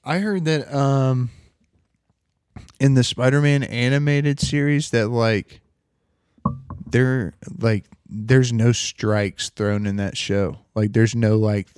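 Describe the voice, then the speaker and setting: A man's voice: mid-range voice, slow, smooth, no room sound. Swearing, rambling young guy on a dry mic. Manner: swears a lot, rambling and animated. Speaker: podcast host. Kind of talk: casual chat.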